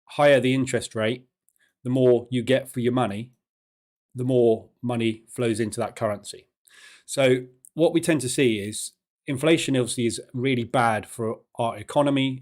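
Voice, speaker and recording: A man hosting a live trading session, greeting viewers and explaining market news in a casual, halting way with many fillers. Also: mid-range voice, a little mellow. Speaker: trading room host.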